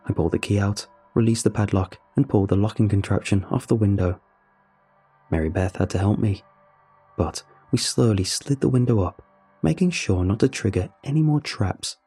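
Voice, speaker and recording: A young man narrates a first-person horror story in a somber, confessional voice, low and measured. His tone is dark and husky, with faint music running underneath.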